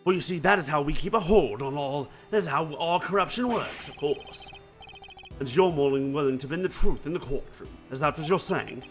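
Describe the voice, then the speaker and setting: A man's voice: a little high, animated, normal speed, soft background music, natural voice. A man voicing a smug, scheming older male prosecutor who talks down to people in a mannered, condescending way.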